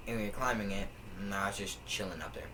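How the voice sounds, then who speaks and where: Young male podcast co-host, slangy and laid-back, low voice, noticeable noise under him. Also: fairly even intonation, quick pace. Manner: laid-back, slangy, acts out people he quotes. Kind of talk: casual chat storytelling.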